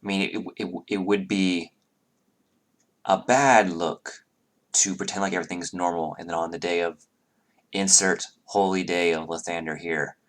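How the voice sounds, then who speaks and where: A man's voice: low voice, steady tone, normal speed, natural voice. A man voicing a composed, formal duchess who speaks politely and carefully in a tabletop game. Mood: explaining. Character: formal, measured duchess, middle-aged woman. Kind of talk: tabletop role-play voicing.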